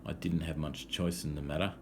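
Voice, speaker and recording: A man with an Australian accent and a notably low voice tells a personal travel tale for English learners. He talks in a relaxed, easygoing way, often pausing on "um". Faint noise hums behind him. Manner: easygoing, frequent "um" fillers. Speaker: English teacher. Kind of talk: casual storytelling for language learners.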